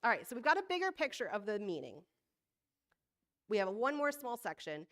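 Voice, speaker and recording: A woman leading a church service, giving a conversational, self-deprecating sermon with frequent laughs, slowing down when reading scripture aloud. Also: fairly high pitch, sing-song, a bit bright. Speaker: service leader.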